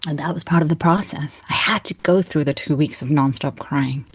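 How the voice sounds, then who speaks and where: A woman's voice: sits low, a little fast, breathy edge, no echo. A woman in her thirties, a coach speaking earnestly and expressively as an interview guest, often laughing. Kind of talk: heartfelt interview talk.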